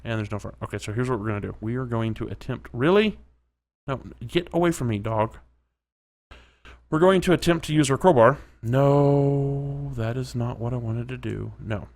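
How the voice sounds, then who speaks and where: A man's voice: medium pitch, vocal fry. Chatty man doing let's-play commentary. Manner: chatty, reacting aloud, sometimes whispering. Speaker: gaming commentator.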